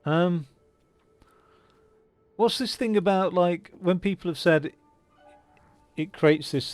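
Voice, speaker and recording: A man's voice: high voice, takes it slowly, long pauses, darkish tone, faint music behind. A man giving casual, rambling commentary while playing a game, with lots of fillers and restarts. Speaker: gaming channel host. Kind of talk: casual let's-play commentary.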